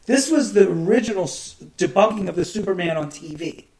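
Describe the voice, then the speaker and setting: Male host, casual and meandering, fairly high voice, keeps clearing his throat. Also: lively intonation, a little fast, darkish tone, rough recording. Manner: rambling, profane, frequent throat-clearing. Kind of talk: casual rambling monologue.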